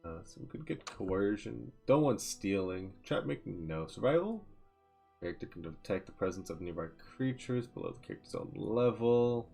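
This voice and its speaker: A man's voice: fairly low pitch, big pitch swings, moderate pace, gravelly, warm tone, husky, soft background music. A man streaming a game, talking casually to himself and reading out menu text as he builds a character. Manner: muses aloud, reads out menu text. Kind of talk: casual gameplay commentary.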